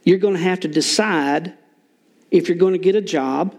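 Older guy preaching at church, kinda high voice, lots of uhs and jokes. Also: moderate pace, darkish tone. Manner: folksy, joking asides, many fillers. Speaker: lay preacher. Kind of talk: informal sermon.

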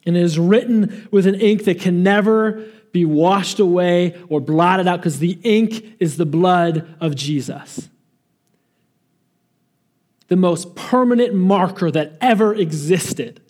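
Male pastor, sermon, high-pitched, emphatic, earnest delivery. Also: darkish tone. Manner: earnest, emphatic preaching with slow stressed phrases.

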